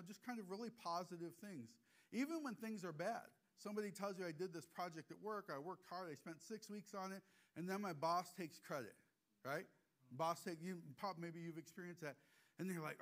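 Animated man giving a heartfelt sermon. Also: fairly high pitch. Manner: animated, acts out little dialogues, turns soft and hushed when moved. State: emotional. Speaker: preacher, hospice chaplain. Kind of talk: conversational sermon with personal stories. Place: church gathering.

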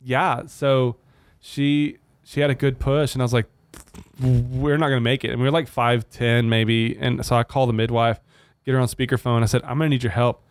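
A man's voice: mid-range voice, moderate pace, clean tone. A man in his thirties tells a story on a casual podcast, his mid-range voice swinging up and down as he acts out what people said. The sound is dry and close, with no room echo. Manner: animated storyteller acting out quotes. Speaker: podcast co-host.

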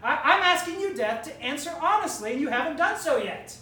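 A woman preaches with emphatic, rhetorical force and often addresses death head-on. Her high voice echoes through a roomy hall. The mic sits a good distance away and picks up faint ambient noise. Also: expressive, a little fast, bright, forceful tone. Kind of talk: sermon.

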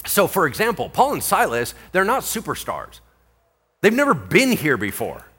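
A male pastor teaching a Bible sermon, animated and full of rhetorical questions. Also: high voice, moderate pace, slightly rough.

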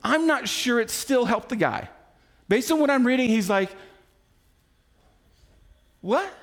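A man in his forties preaching a sermon, telling the story in an animated way and acting out the quotes himself. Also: very high-pitched, moderate pace. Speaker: pastor.

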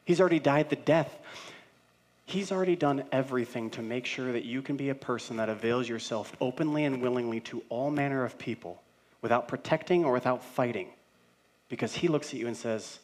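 A man's voice: medium pitch, a little fast. Man, 30s, pastor, sermon, conversational, playful, emphatic rhetorical questions. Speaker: senior pastor.

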